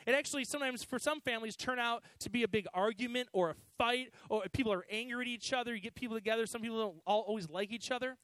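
High-voiced man giving a casual sermon. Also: fast, few pauses, fairly bright tone, no room sound, poor audio. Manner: conversational, with many "you know" fillers. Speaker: youth pastor.

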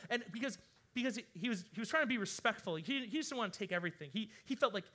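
A man preaching as a pastor, telling a story in an animated, chatty way with lots of fillers. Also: high voice, quick pace. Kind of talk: storytelling sermon.

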